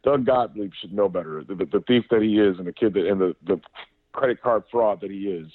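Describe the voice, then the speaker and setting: A man co-hosting a casual sports podcast, telling animated stories with cursing and many restarts. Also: fairly low pitch, fairly quick, no room sound. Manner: animated storyteller, swears, frequent restarts. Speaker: podcast co-host. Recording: dry, tinny phone-like line.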